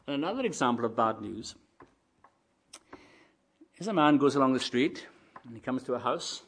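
An older man preaching a sermon, who swings from quiet asides to loud, emphatic declarations and acts out both sides of imagined dialogues. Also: medium pitch, expressive, normal speed, breathy edge.

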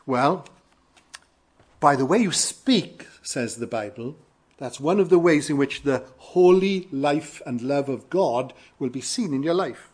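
A man from Wales with a Welsh accent, preaching an earnest sermon with emphatic rises and quiet falls. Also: fairly high pitch, expressive, a little slow, breathy edge. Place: church in London.

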